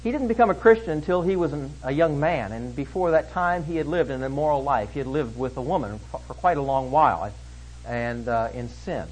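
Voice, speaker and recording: A man preaching an expository sermon, emphatic, swinging between loud stresses and hushed lines. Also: medium pitch, lively intonation, fairly quick, low-quality recording.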